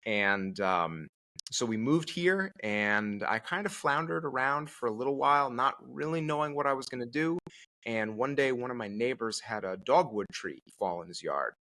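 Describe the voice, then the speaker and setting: Bright-voiced man telling stories. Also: mid-range voice, moderate pace. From Connecticut, USA. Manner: animated storyteller. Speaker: podcast guest. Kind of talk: casual conversational storytelling.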